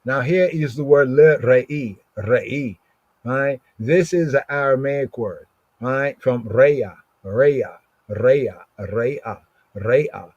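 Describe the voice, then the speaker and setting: Slow, repetitive man teaching scripture. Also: mid-range voice, darkish tone, no room sound. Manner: repeats Hebrew words over and over, often asking "right?". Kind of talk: slow verse-by-verse scripture study. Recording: slightly dull lo-fi recording.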